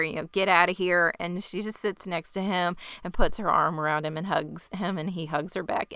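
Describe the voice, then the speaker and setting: Bright, crisp-voiced woman telling a story. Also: on the low side, dry recording. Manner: steady storytelling narration of scenes. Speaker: podcast co-host. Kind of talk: casual recap chat.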